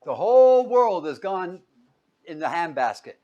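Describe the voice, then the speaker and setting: A male pastor preaching a sermon, putting questions to his listeners and answering them himself, with sudden loud peaks and quiet, low asides. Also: big pitch swings, a little slow, lo-fi sound.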